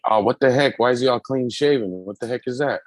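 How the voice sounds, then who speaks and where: A man's voice: medium pitch, quick pace, no room sound. Laughing, foul-mouthed man chatting. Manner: profane, laughing, animated storytelling. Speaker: podcast host. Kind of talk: casual chat.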